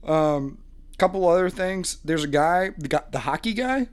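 A man's voice: fairly high pitch, animated, moderate pace, clear, resonant tone. A man co-hosting a casual chat, joking and laughing as he rants about a dating show. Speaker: podcast co-host.

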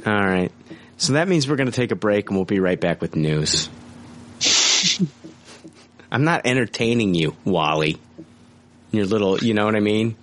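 A man's voice: lowish voice, expressive, normal speed, long pauses, fairly bright tone, a little hiss or hum. A man hosting a podcast and chatting casually about a movie, with loose, profane talk full of fillers. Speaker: podcast host. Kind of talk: casual movie review chat.

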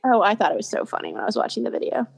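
A woman's voice: medium pitch, huge pitch swings, racing, gravelly, slightly rough, big-room sound. A young woman in her twenties co-hosting a casual chat, laughing along and chatting. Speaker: podcast co-host.

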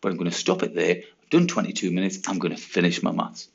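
A man's voice: low voice, little pitch movement, fast, gravelly, breathy edge, dull audio, full character voice. A man voicing a diligent schoolboy's self-talk. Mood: self-coaching. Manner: self-talk, matter-of-fact. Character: diligent schoolboy talking himself through homework.

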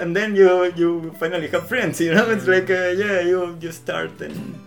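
A young man with a Latin American Spanish accent, his voice sitting a little high, chats in English as a guest. He hesitates and restarts a lot, then slips into quick acted-out snippets of dialogue. Guitar music plays softly behind him. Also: fairly even intonation, gravelly. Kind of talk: casual conversation.

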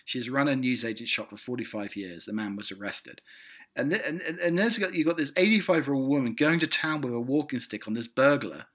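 Give me a British man hosting a comic podcast, meandering and amused, with a bright, sharp tone. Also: mid-range voice, fairly quick. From Britain. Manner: meandering, self-amused, many fillers and restarts. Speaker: podcast host. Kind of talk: rambling comic chat. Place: in the United States.

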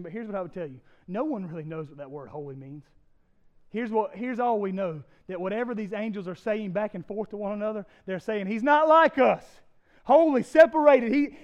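A man preaching a sermon as pastor, emphatic, often climbing loud and high and repeating words for effect. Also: highs cut off.

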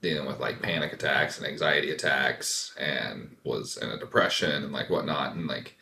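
A man's voice: extremely low pitch, normal speed, vocal fry, bright, forceful tone, slight background noise. A man in casual podcast chat, telling a story with lots of "like" fillers and rambling restarts. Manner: rambling, heavy use of "like" fillers.

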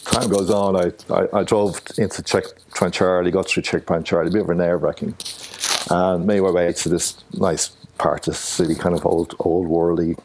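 An older Irish man telling a long personal story in a rambling, halting way, retelling conversations with "I says". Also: deep voice, flat delivery, background noise. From Ireland. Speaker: guest, artist. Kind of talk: casual storytelling.

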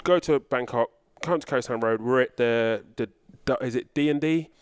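A man's voice: medium pitch, normal speed, smooth, dry recording, clean studio sound. A young man with a London accent telling crude stories in casual chat, swearing a lot and acting out other people's voices.

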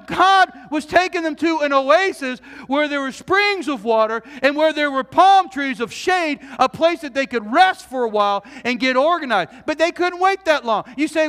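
In a large church hall where his words echo with a long reverberation, a pastor preaches at normal speed. His voice is strikingly high, earnest and animated, and he repeatedly asks the congregation questions, restarting phrases to press his point.

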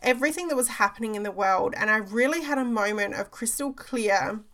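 A woman's voice: fairly high pitch, a little fast, a bit bright. A woman, a business coach giving an emphatic motivational talk, repeating phrases and checking in with "okay?".

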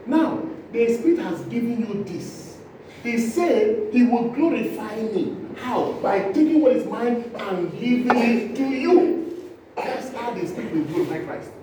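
A male preacher, delivering an impassioned sermon, acting out scenes and swinging from loud cries to low asides. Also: lively intonation, measured pace. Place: church hall. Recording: echoey hall, distant mic, noisy.

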